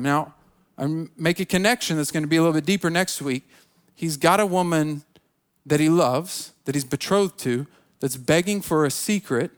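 A man preaching a sermon, retelling a Bible story with casual asides and acting out its characters' lines. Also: sits high. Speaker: pastor.

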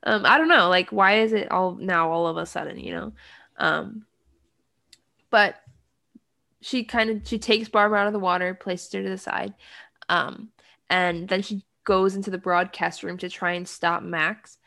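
A woman's voice: medium pitch, fairly even intonation, normal speed, gravelly, bright, forceful tone. A woman co-hosting a casual podcast, recapping a film in a rambling, wry way, full of "like" fillers. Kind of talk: casual chat.

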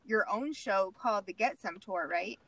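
A woman's voice: medium pitch, normal speed, creaky, fairly bright tone, no echo, poor audio. A young woman from Phoenix, hosting an interview, speaking enthusiastically and filling her speech with "like.". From Phoenix, Arizona, USA. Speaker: host. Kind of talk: casual interview chat.

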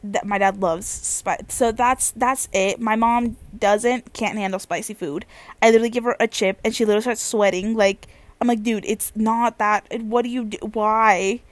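A woman's voice: a little high, steady tone, moderate pace, no room sound. A young woman hosting a casual solo podcast, rambling and repeating herself as she chats. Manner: rambling, repetitive, chatty. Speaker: podcast host.

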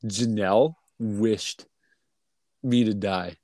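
A man's voice: lowish voice, fairly even intonation, takes it slowly, a little mellow, no room sound. A man on a podcast talking casually, blunt and heavy on swearing, who says he isn't feeling well. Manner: blunt, profane, venting. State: feeling unwell. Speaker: podcast co-host.

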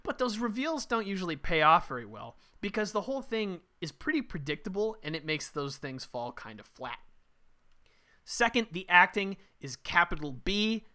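Man, podcast co-host, lively swooping pitch, bright voice, blunt profane rant. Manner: blunt, profane, animated ranting. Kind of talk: casual movie review chat.

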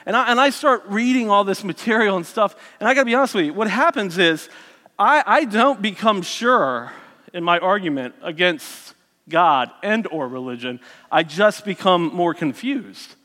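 Male speaker, high and bright, candid storyteller with many restarts, recorded in a reverberant hall. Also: animated, normal speed. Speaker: speaker sharing his testimony. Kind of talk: personal faith story told to an audience.

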